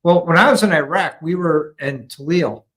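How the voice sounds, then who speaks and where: An American man with a slightly higher voice unspools a story at an even, explaining pace, pausing on ums as he recalls details. He sounds like a guest chatting with a friend. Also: low-quality recording. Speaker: guest, military veteran. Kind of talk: casual storytelling conversation.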